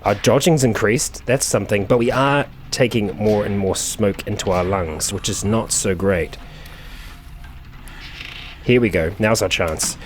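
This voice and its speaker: Low-voiced man narrating his gameplay. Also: unhurried, a little hiss or hum. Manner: chatty, thinking aloud, frequent fillers. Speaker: let's play host. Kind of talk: gameplay commentary.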